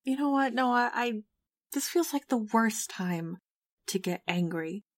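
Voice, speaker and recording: A woman voicing a worried young female companion, speaking softly and slowly, reproachful at times. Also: a little high, animated, no echo.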